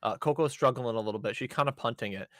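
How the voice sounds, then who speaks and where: A man's voice: medium pitch, fast, fairly bright tone, dry recording, clean studio sound. A man casually recapping an anime episode on a podcast, rambling with fillers and swearing. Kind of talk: casual chat.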